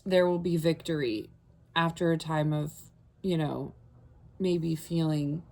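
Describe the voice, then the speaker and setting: A woman with a deep, darkish voice speaks slowly and fairly evenly as she gives an earnest, rambling tarot reading to camera, full of fillers and restarts. Her voice briefly catches with emotion during this casual spiritual session.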